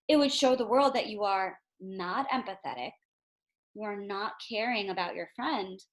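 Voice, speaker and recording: A woman teaching a reading lesson to young children in a gentle way. She asks questions and often checks in with them. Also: sits high.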